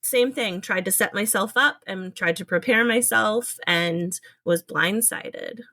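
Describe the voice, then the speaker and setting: A woman podcast host in a casual interview. She keeps her pitch in the middle and answers her guest with quick, affirming replies. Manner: warm affirming listener, quick agreeable replies.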